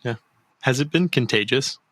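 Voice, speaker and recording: A man's voice: medium pitch, moderate pace, fairly bright tone. A man hosting a casual interview, attentive and giving frequent mm-hmms. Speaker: podcast host.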